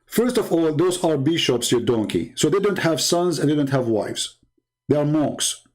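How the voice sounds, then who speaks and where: A man with a fairly high-pitched voice hosts a show in a heated, one-man monologue. His tone is mocking and sarcastic throughout. He presses his points with combative rhetorical questions. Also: very animated, moderate pace, a little mellow. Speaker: show host. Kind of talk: monologue commentary.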